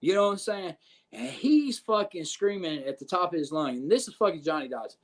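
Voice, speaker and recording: A man telling a backstage wrestling story on a podcast, animated and profane, acting out what others said. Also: high-pitched, brisk. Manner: profane, animated retelling with quoted voices. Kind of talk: casual storytelling.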